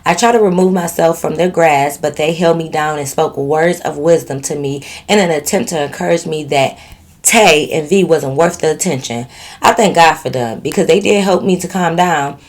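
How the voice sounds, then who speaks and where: Woman vlogger, lowish voice, storytime reader with sassy teasing commentary. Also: moderate pace. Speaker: channel host. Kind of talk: reading a viewer's story aloud with commentary.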